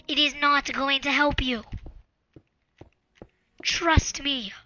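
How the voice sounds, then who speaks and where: A woman hosting her own channel, giving casual advice in an earnest, pleading, repetitive way and sometimes dropping into soft whispers. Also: high voice, steady tone, slow pace. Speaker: channel host.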